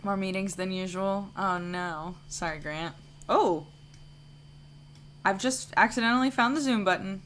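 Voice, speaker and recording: A woman's voice: mid-range voice, a little slow, a bit bright, slight background noise. A woman streaming a video game live, chatting casually and a little tired, with a rambling way of talking full of fillers and restarts. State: tired, yawning. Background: faint buzzing of lights.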